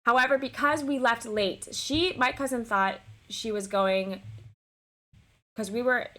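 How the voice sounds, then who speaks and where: A woman streamer telling a personal story in a casual, animated way, swearing freely and restarting her sentences. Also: a little high, a little slow.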